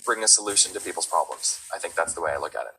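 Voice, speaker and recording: A man's voice: deep voice, animated, racing, creaky, bright, forceful tone, slight background noise, low-quality recording. A man, a voice actor chatting casually, with many fillers and restarts. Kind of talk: casual chat.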